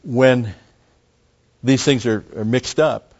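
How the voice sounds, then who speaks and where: A man's voice: medium pitch, takes it slowly, a little mellow, muffled recording. A man preaching a Bible teaching sermon, explaining a passage step by step and repeating key phrases. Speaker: pastor.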